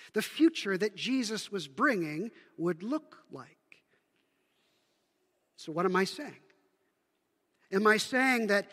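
A Canadian man preaches in a high, bright voice, talking easily and posing rhetorical questions to his listeners. His words ring out with a long reverb through a church sanctuary. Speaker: pastor. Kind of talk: sermon.

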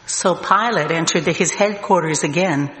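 A man reading scripture aloud as narration, slow and deliberate. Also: fairly high pitch, a bit bright. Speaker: scripture reader. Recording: echoey hall, long reverb, faint noise.

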